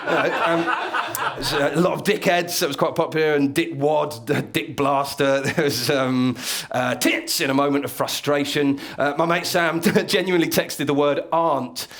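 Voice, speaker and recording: A man's voice: on the high side, fairly even intonation, moderate pace, fairly bright tone. Wry man doing a comedy lecture. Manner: dry, wry storytelling with chuckles. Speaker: stand-up comedian. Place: live comedy venue with an audience.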